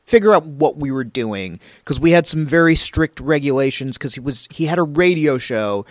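A man's voice: fairly high pitch, lively intonation, normal speed, no room sound, studio quality. A man telling stories in a casual interview, rambling with lots of fillers. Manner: rambling, filler-heavy storytelling. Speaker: guest comedy writer.

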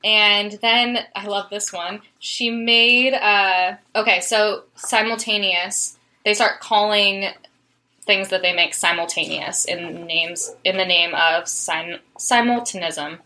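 A woman's voice: mid-range voice, slow, bright, forceful tone. A woman in casual conversation, enthusiastically explaining an artist's work with many fillers and restarts. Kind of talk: casual chat about art history.

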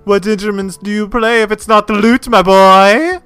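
A man's voice: high voice, fairly even intonation, normal speed, pushed and bright, clear, resonant tone, faint music behind, voice pushed up. A man voicing an eccentric old male appraiser who hums, ponders aloud and calls people "my boy". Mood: fussy. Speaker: non-player character.

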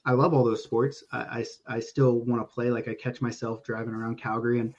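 A man's voice: mid-range voice, flat delivery, brisk, darkish tone. Rambling man with a dull lo-fi sound. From Oklahoma. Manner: rambling, frequent restarts, swears casually. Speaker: podcast guest. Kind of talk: casual storytelling.

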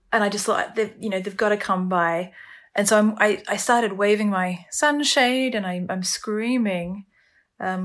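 A woman telling her own survival story in a halting, emotional way, with many restarts. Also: medium pitch, fairly bright tone. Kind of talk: personal survival story, told casually.

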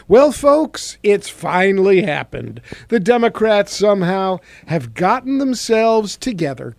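A man's voice: high-pitched, darkish tone, dry recording. A middle-aged man hosting a talk radio show, giving sarcastic, mocking political commentary.

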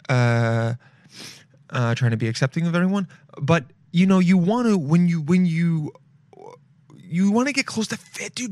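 A man's voice: fairly high pitch, darkish tone, dry recording. A young man from Los Angeles hosting a podcast, with a sniffly nose, rambling casually and swearing freely. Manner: rambling, swears freely, calls listeners "dude". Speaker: podcast host. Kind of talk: casual solo chat.

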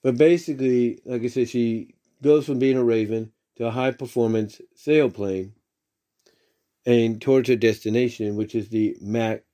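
A man talking through a story recap in a loose, unscripted way. His voice sits at a middle pitch for a man, and he keeps tripping over himself, backing up and filling the gaps with the same stock phrases. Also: dark tone. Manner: rambling, many fillers and restarts, repeats "if you will".

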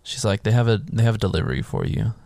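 A man in casual podcast chat, retelling a film scene by scene and acting out the characters in higher voices. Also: fast talker, vocal fry, no echo. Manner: animated, acts out characters' lines in higher voices.

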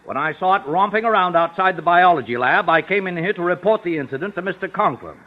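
An actor playing a pompous, stern school official in a 1950s radio sitcom. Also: male voice, sits high, lively intonation, fast talker. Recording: muffled old radio broadcast.

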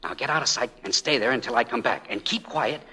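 A man's voice: medium pitch, quick pace, background noise, natural voice. An actor playing a young man framed by crooks who schemes his way out, in a 1940s radio comedy. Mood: scheming.

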